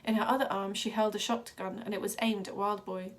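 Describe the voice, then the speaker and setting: A woman reading a children's novel aloud with steady, dramatic narration. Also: medium pitch, fairly quick. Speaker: reader. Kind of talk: storybook read-aloud.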